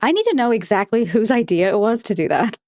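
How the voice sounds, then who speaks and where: Woman reaction host, rapid blunt delivery, slightly high voice, dry booth. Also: sing-song, a little mellow, dry recording. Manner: blunt, exasperated, rapid-fire. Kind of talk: casual reaction commentary.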